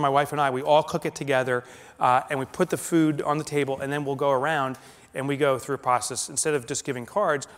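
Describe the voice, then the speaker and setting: A male keynote speaker telling a dramatic personal story to a live audience, swinging from loud and animated to hushed and slow. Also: mid-range voice. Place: large conference hall. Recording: long hall reverb.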